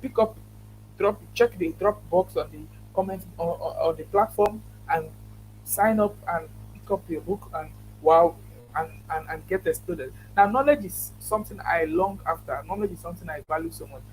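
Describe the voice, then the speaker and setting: Earnest high-voiced Nigerian man. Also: normal speed, a little hiss or hum, rough recording. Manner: earnest, many restarts and repeated thanks. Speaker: conference host. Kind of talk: closing remarks to an online conference.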